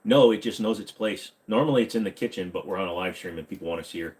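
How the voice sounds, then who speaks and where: A man's voice: sits low, fast talker, darkish tone. A man hosting a casual live stream from his home computer room at a desk mic, answering viewer questions with jokes. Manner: slips into a bad Southern accent. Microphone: desk microphone.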